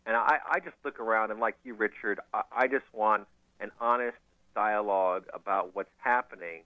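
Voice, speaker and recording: A man hosting a podcast, giving animated, opinionated commentary and laughing often. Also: fairly low pitch, normal speed, dry recording. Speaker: podcast host. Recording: tinny phone-like line.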